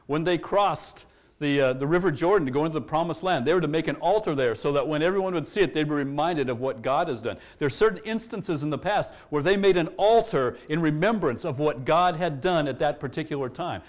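A man preaching from the pulpit, walking through scripture verse by verse. His voice sits fairly high and swings widely in pitch. He rises sharply when he acts out the quoted lines. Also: a little fast. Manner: expository preaching, animated when quoting scripture. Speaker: pastor. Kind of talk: sermon.

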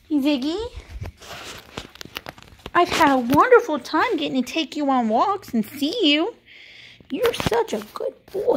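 A woman's voice: high-pitched, slight background noise. A woman, filming a casual vlog as a pet sitter and talking to dogs in sing-song baby talk.

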